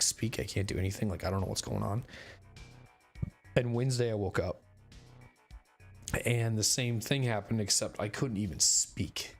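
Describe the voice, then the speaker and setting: A hoarse man chats to his stream from his bedroom, his lowish voice a little raspy and worn. He rambles and restarts, leaning on fillers, with faint music playing behind him. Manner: rambling, filler-heavy, halting. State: hoarse, recovering voice. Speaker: game streamer. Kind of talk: casual chat to stream viewers. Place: bedroom at home.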